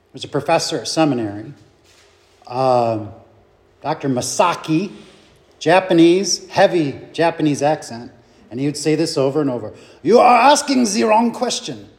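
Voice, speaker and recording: Brief: slow, thoughtful man with a high voice leading a group Bible study. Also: a little mellow. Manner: slow, reflective, thinking aloud with fillers and rhetorical questions.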